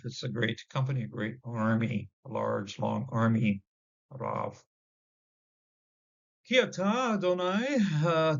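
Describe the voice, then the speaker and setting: Man, gravelly, halting lesson delivery with fillers; muffled low-fi recording. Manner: halting, many fillers, sounds out Hebrew words. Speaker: Hebrew teacher. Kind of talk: casual word-study lesson. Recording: dull lo-fi audio.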